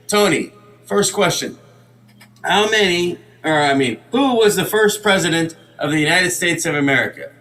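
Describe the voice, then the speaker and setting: A man's voice: high-pitched, lively intonation, normal speed, pushed and bright. A man putting on the voice of a stern male judge questioning a witness.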